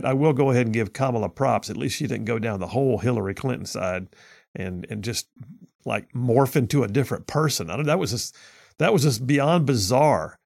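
Gravelly radio host. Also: male voice, mid-range voice, no echo, studio quality. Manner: emphatic, folksy, sarcastic. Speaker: radio talk show host. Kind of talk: political talk radio. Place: radio studio.

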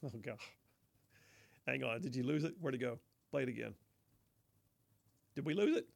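A man's voice: medium pitch, normal speed, gravelly, a little mellow. A man hosting a political talk radio show, mocking and folksy, often saying y'all, speaking in a studio.

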